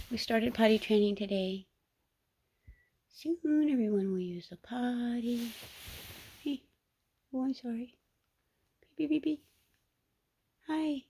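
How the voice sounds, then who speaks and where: A woman's voice: on the high side, mellow, breathy edge. A woman who breeds kittens, talking to them in cooing, sing-song baby talk.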